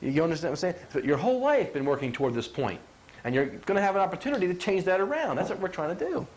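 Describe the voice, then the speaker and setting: Man, high voice, middle-aged, chiropractor, folksy health talk, acts out little voices, keeps asking "you follow?". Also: racing. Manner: animated, acts out quotes, asks "you follow?".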